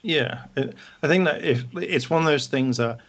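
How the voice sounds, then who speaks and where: Animated man acting out quotes. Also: fairly high pitch, normal speed, muffled recording. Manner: animated, acts out characters' lines while talking. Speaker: podcast co-host. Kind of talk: casual review discussion.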